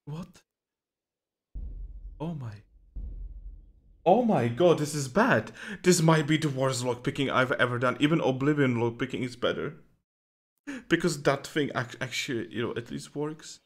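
A man's voice: mid-range voice, unhurried, long pauses. A man giving let's-play reaction commentary, incredulous and exasperated, swearing and bursting into laughter at the game. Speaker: gaming YouTuber.

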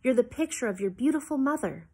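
A woman voicing a gentle but gruff middle-aged father in a read-aloud novel. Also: sits high, expressive, fast talker, voice pushed up, heavily acted. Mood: tender. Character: gruff, fond older father.

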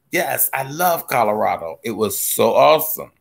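A man hosting a gardening live stream, chatting casually as he reads viewer comments, joking and laughing, his voice swooping from low mutters up to high squeals. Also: big pitch swings, normal speed, gravelly. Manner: playful, laughs often. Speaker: gardening livestream host.

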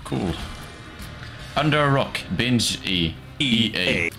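A man streaming a game in casual commentary, excitable, swearing often and laughing a lot. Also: mid-range voice, takes it slowly, vocal fry. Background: game music.

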